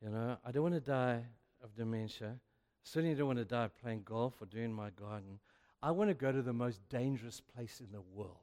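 A man's voice: mid-range voice, a little fast. An older man preaching a sermon, telling stories and acting out the dialogue with growing energy. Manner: animated, acts out dialogue in a rising voice. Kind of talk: sermon storytelling. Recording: long hall reverb.

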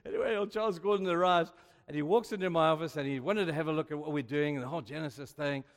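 A male pastor preaching a sermon, telling stories with sudden swings between hushed and loud. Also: a little high, fast talker. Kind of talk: sermon with storytelling. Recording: long reverb of a large hall.

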